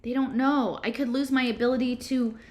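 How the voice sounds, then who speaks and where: A woman voicing a frightened, sharp-tongued teenage girl in an audiobook reading, with urgent, tumbling explanations. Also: high-pitched, steady tone, a little fast, voice pushed up, lightly acted. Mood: scared.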